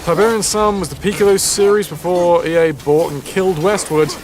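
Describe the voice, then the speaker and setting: A man's voice: high-pitched, steady tone, a little fast. A man streaming a game, chatting casually with viewers, reading game text aloud and swearing now and then. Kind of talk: casual gameplay commentary with chat. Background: faint game music.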